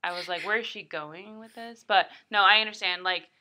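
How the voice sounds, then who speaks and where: A woman's voice: mid-range voice, a little fast, sharp tone. A woman hosting a casual podcast, blunt and swearing freely, often trailing off into fillers. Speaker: podcast host.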